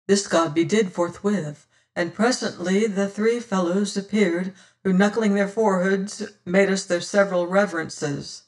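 Slow, measured period-novel narrator. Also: mid-range voice, steady tone, recorded from a distance. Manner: measured, old-fashioned storytelling. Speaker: audiobook narrator.

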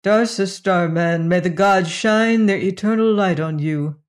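A reader voicing a gentle, sorrowful alien villager who speaks in formal, old-fashioned phrases, in an audiobook story. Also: medium pitch, a little slow, close to an everyday voice. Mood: courteous. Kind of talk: audiobook reading.

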